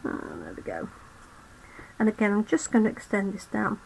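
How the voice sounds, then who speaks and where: A woman's voice: mid-range voice, wildly swooping pitch, moderate pace, creaky, a little mellow, slight background noise, poor audio. A woman hosting a live card-making demo, losing her voice, chatting to viewers as she works. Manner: chatty, talks to viewers while working. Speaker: crafting channel host.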